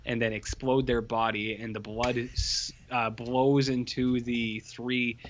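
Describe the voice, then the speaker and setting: A man's voice: medium pitch, level tone, takes it slowly, slight background noise. A man co-hosting a podcast in casual chat, rambling and sardonic, full of fillers and restarts. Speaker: podcast co-host.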